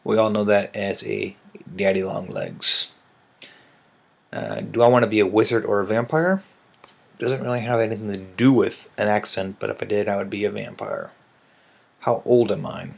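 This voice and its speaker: Offhand man, low voice. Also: steady tone, brisk, gravelly, a little mellow. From American Midwest. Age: 30s. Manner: offhand, rambling, dryly joking. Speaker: vlogger. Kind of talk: casual vlog answering viewer questions.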